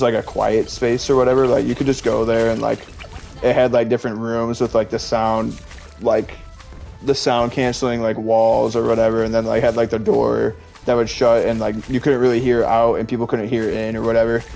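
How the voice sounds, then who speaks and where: A man's voice: mid-range voice, vocal fry, a little mellow. A young man in his twenties, a streamer chatting casually and rambling through stories, saying "like" constantly. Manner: rambling, heavy use of "like", chatty storytelling. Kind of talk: casual chat.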